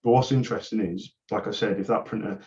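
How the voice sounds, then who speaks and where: Chatty fast-talking salesman on a call. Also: fairly low pitch, steady tone, a little mellow, muffled recording. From West Yorkshire, England. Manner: chatty, persuasive, rambling, says "mate" often. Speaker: printer supplies salesman. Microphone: phone call.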